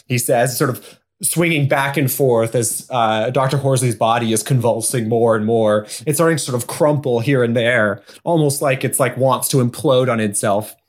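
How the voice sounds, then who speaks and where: A man narrating his player character's actions in a tabletop game, quick and stumbling. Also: mid-range voice.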